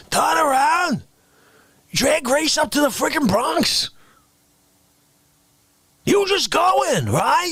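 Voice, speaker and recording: Man doing a ranting character, raspy, high and sharp, shouting, close dry sound. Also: full character voice. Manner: shouting outbursts, mock-interrogating, rambling hypotheticals. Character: indignant ranting man grilling people. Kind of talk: comedic character rant on a livestream.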